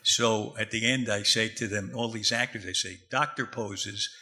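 An older man, a veteran actor, chatting as a guest in a wry, halting way. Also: lowish voice, steady tone, bright, forceful tone. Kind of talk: casual chat.

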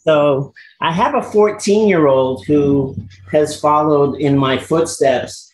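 A man's voice: fairly high pitch, slow, a little mellow, roomy sound, slight background noise, low-quality recording. A man guesting in a casual chat, talking animatedly and laughing often. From England. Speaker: guest actor.

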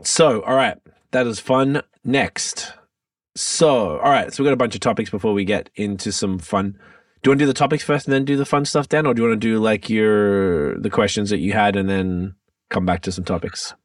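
A man co-hosting a podcast in a relaxed, chatty way, swearing freely. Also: on the low side, normal speed, no room sound, studio quality, recorded from a distance. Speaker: podcast co-host. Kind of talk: casual chat.

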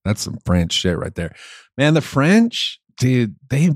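A man co-hosting a casual podcast chat, talking in an animated, emphatic way. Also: mid-range voice, slow pace, no room sound, studio quality. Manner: animated, emphatic, gets loud when worked up. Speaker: podcast co-host.

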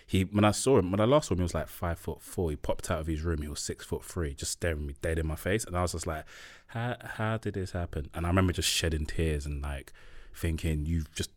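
Very deep-voiced, laid-back man. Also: quick pace, few pauses, no room sound, clean studio sound. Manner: laid-back, hesitant, low-key. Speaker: podcast guest. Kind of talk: casual podcast chat.

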